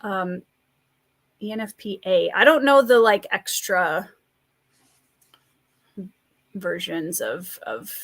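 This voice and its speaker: A woman with a Scandinavian Midwestern accent from rural Minnesota, hosting a relaxed live stream, chatting, laughing often and reading out viewer comments. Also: medium pitch, slow, long pauses, no room sound. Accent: Scandinavian Midwestern American. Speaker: livestream host and writer.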